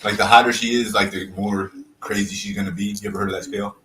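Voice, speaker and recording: A man's voice: lowish voice, fairly even intonation, fast, pushed and bright, a little hiss or hum, poor audio. A man hosting a casual livestream, questioning his guest with teasing, prodding questions. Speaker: livestream host.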